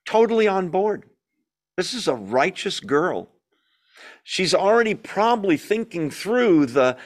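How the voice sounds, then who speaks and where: A man leading a Bible study, reading scripture aloud and commenting in a lively, emphatic way, often asking the group questions and answering them himself. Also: high voice, a little slow. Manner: emphatic, opinionated asides.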